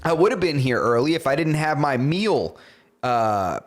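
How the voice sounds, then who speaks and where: His voice is on the high side and his pace moderate. As a podcast co-host, he spins a story in relaxed chat, swearing and playing out everyone else's lines with energy.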